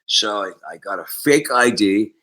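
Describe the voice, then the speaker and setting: A man in his sixties from Canada, a musician guest telling stories in a casual interview, animated and acting out the voices. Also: on the low side, moderate pace, poor audio.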